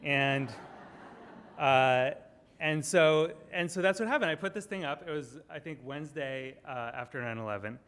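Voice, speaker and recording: A man's voice: a little high, normal speed, fairly bright tone, slight background noise. Chatty man lecturing in an echoey hall. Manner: chatty, full of fillers and restarts. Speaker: guest lecturer. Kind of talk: lecture storytelling. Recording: long hall reverb.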